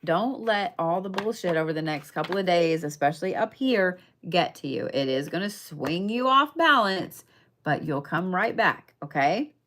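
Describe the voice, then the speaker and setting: A woman's voice: on the low side, lively intonation, moderate pace, fairly bright tone, slight background noise. A young adult woman giving a casual, chatty tarot reading, emphatic and checking in with her listeners often. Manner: chatty, emphatic, frequent "okay?" check-ins, swears casually. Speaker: tarot and zodiac reader.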